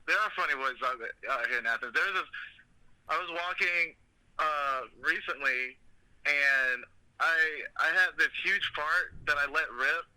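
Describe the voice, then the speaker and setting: A man's voice: fairly high pitch, unhurried, pushed and bright, low-quality recording. A man hosting a podcast, chatting casually and telling rambling, profane jokey stories. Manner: rambling, joking, profane storytelling. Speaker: podcast host. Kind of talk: casual comedic chat.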